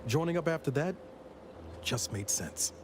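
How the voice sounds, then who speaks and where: A man's voice: a little high, lively intonation, measured pace, noisy background. A man playing a weary male space agent, speaking in a dry, wry, reflective way in game dialogue. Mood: wistful. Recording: game audio with music behind.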